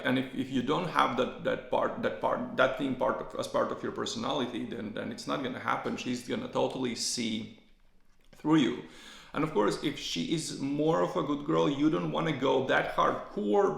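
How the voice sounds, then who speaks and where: A man's voice: mid-range voice, creaky, fairly bright tone. A man hosting a podcast, talking casually in a rambling way with many restarts and repeated words. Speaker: podcast host. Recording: roomy echo.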